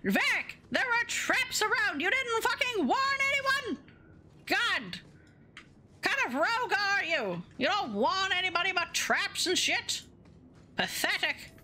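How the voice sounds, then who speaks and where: A woman streamer giving casual, profane, excitable commentary while playing a video game. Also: very high voice.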